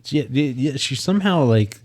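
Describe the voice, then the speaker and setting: A man's voice: medium pitch, expressive, brisk, darkish tone. A young man co-hosting a podcast, talking in a casual, rambling way with lots of fillers and swearing. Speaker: podcast co-host. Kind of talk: casual chat.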